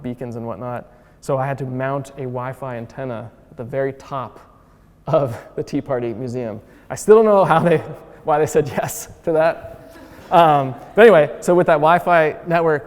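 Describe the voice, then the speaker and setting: Man, mid-pitched, casual lecturer, chatty and upbeat, lots of fillers, long hall reverb. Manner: chatty and upbeat, heavy use of "like" and "uh"; acts out quotes with voice shifts. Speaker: museum founder giving a lecture.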